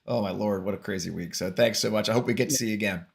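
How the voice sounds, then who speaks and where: A man with a lowish, creaky, breathy voice talks very fast while hosting a casual political talk show. He rambles chattily and laughs at his own jokes, then makes an earnest, rallying appeal for viewers to act.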